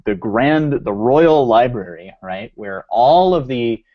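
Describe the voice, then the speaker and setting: A man co-hosts a casual podcast and thinks aloud, circling back and restarting his sentences as he goes. His voice sits at an ordinary pitch for a man. The audio is slightly dull and lo-fi. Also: expressive, slow. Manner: rambling, with many restarts and fillers. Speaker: podcast co-host.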